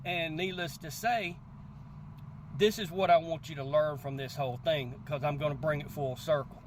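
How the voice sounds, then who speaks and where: A man hosting a crypto channel, telling a story in casual, animated talk and often asking "guess what" before his point. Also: on the high side, normal speed, a little hiss or hum. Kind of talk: casual motivational talk to camera.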